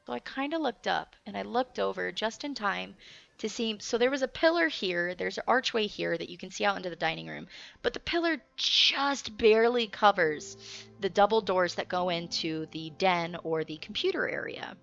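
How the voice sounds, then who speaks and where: A young woman hosting and telling a story in a casual, animated way, laughing often and swearing freely. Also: mid-range voice, normal speed, vocal fry. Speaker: host. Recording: dull lo-fi recording with faint music.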